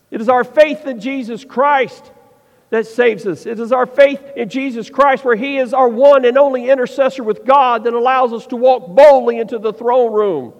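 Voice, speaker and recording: A man preaching a sermon, asking the listeners pointed questions and slowing down to stress his points. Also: extremely high pitch. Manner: preaching with rhetorical questions and slowed emphasis. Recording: dull sound with long reverb.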